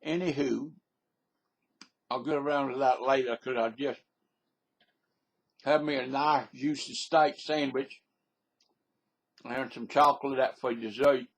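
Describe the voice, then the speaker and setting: Southern male vlogger, drawling and unhurried, slightly husky, folksy and rambling, webcam mic. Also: medium pitch, fairly even intonation. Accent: American Southern. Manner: folksy and rambling, with repeated catchphrases. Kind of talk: casual webcam monologue. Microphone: webcam microphone.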